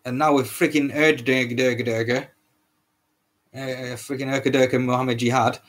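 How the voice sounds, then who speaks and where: A man's voice: medium pitch, steady tone, measured pace, fairly bright tone. A man hosting a solo podcast, ranting in a heated, repetitive way, swearing often and stumbling over his words. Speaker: podcast host.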